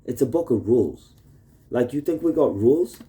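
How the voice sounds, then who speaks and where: At home in a messy rented room, a husband records a video message for his wife on a phone plugged in nearby, rambling casually and constantly changing subjects. His voice is warm and dark, at an ordinary middle pitch for a man, delivered at normal speed with animation. He swears heavily throughout.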